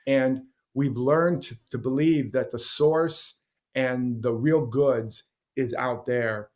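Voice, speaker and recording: A man's voice: medium pitch, fairly even intonation, takes it slowly, darkish tone. A man being interviewed as a guest teacher, talking passionately and rambling through stories and examples. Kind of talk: conversational interview.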